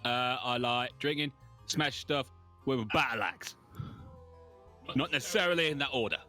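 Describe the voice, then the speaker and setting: A man voicing a huge, slow-witted male goblin who loves drink and his battle axe, speaking in halting bursts. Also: mid-range voice, sharp tone, soft background music, natural voice. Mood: boastful.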